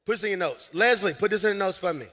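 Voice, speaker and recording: High-voiced pastor preaching in a hall. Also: male voice, rapid-fire. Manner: animated preaching, shouting and laughing. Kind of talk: sermon. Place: large church hall on stage. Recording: long hall reverb.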